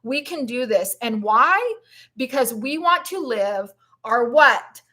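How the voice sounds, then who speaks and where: High-voiced, effusive plant-based vlogger woman. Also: lively intonation, slow pace, pushed and bright. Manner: effusive, encouraging, emotional. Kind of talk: live-stream motivational chat.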